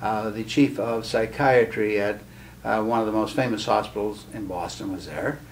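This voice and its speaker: A man in his seventies, an interview guest recalling early days, speaking haltingly and pausing often as he tells his story. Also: fairly low pitch, steady tone, a little hiss or hum. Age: 70s. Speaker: guest, guild president. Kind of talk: reminiscing interview talk.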